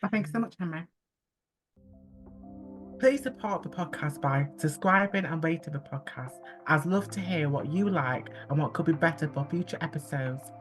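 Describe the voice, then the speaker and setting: A man's voice: on the high side, normal speed. Effusive man hosting a podcast, faint music. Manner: warmly encouraging and effusive. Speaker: podcast host. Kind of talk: casual interview.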